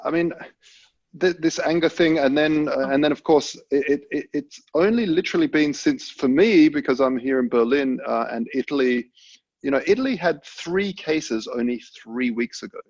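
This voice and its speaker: Guy on a podcast, raspy gravelly voice, rambly, muffled lo-fi mic. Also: a little high, normal speed, darkish tone, dry recording. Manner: rambling, with many restarts, playfully preachy. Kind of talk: casual video-call chat. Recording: dull lo-fi mic.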